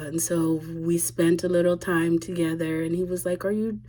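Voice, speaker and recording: A woman's voice: lowish voice, slow. Candid, blunt young woman vlogger. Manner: candid and blunt, swears freely, animated quoted asides. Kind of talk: casual confessional storytelling.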